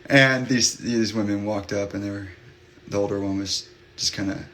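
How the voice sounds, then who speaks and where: Male livestream host, somewhat low-pitched, candid and rambling, loose filler-heavy delivery. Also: steady tone, normal speed, fairly bright tone, a little hiss or hum. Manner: rambling, open, many fillers and restarts. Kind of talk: candid chat with live viewers.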